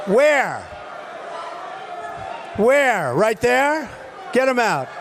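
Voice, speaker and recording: Man with a high voice at a stage mic, rambling rally stump speech, repeats short punchy lines and shouts to the room. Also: big pitch swings, extremely slow, over a noisy crowd, very noisy. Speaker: political candidate at a rally. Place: large rally venue with a crowd. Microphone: stage microphone.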